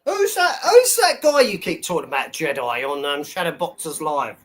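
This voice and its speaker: A man's voice: on the high side, big pitch swings, moderate pace. Sweary man rambling on a livestream. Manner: rambling, sweary, laughs often, tells stories. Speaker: livestream host. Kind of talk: casual live-stream chat.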